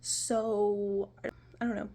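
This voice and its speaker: This vlogger is a twentysomething American woman talking to the camera in her apartment, rambling along with plenty of "like" and "you know." Her mid-range, mellow voice stays level and is extremely slow.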